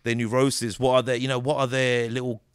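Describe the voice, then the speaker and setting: A man, a comedian giving a casual interview, animated and jokey, swearing freely and slipping into quick character voices. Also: medium pitch, smooth, no echo, studio quality. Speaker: comedian and actor, guest.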